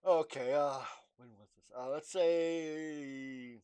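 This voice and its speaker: A young man in a casual, halting vlog monologue, with many fillers and restarts, acting out imagined dialogue. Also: on the high side, darkish tone, smooth. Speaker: vlogger.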